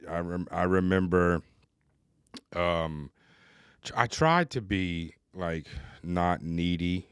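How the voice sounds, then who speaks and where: A man's voice: deep voice, slow pace, clean tone, no room sound, clean studio sound. A man hosting a recovery podcast, telling his own story in a candid, loose and chatty way. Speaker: podcast host. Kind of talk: casual recovery podcast conversation.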